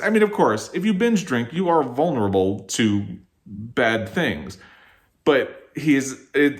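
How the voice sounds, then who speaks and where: A man hosting his own channel, giving a casual, exasperated and emphatic rant while reviewing books at home. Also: fairly low pitch. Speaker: book reviewer and channel host. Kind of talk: casual opinionated book review. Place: at home on a couch.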